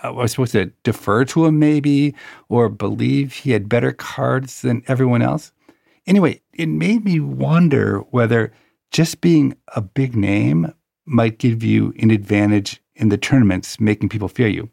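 A man with a gravelly, creaky voice tells a personal anecdote with wry storytelling. His voice sits in the middle range and is recorded dry and close. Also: medium pitch, moderate pace, a little mellow, no room sound. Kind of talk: conversational storytelling.

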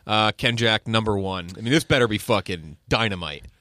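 A man's voice: fairly low pitch, a little fast, no room sound, clean studio sound. A man co-hosting a podcast, joking around in casual, profane chat. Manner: joking, crude, animated. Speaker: podcast co-host.

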